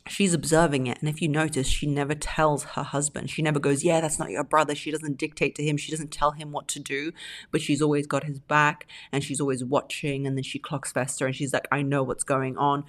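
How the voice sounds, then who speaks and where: A woman hosting a podcast, giving blunt relationship advice and acting out the phrases she quotes in mocking voices. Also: very deep voice. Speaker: podcast host.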